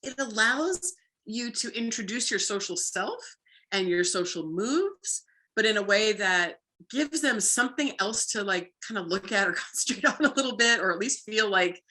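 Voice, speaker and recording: Woman, dog trainer guest, casual chat, bright forceful tone, lively, lots of "like". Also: mid-range voice, normal speed. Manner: lively, acts out playful bits with frequent "like". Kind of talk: casual conversational explaining.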